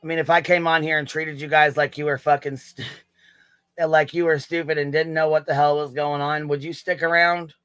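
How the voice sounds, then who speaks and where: A man's voice: fairly high pitch, little pitch movement, fairly quick, fairly bright tone, clear, resonant tone, dry recording. A man hosting a casual livestream, swearing freely, giggling and thanking chat members. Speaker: livestream host.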